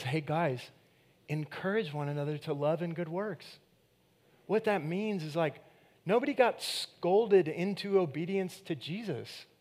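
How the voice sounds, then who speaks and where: A pastor delivers a sermon in an animated, conversational style, voicing the people he quotes. He swings between loud, emphatic bursts and hushed, quiet lines, and his male voice is a little high.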